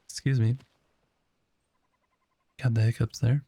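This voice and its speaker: A man's voice: fairly low pitch, slow, long pauses, slight background noise. A man streaming live, chatting casually and musing aloud while he builds. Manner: relaxed, musing, answers chat while building.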